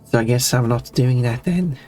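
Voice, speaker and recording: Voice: medium pitch, normal speed, darkish tone, faint music behind. A streamer chatting casually while drawing, rambling, breaking off mid-thought and humming along playfully. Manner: rambling and self-interrupting; playful, hums to themself.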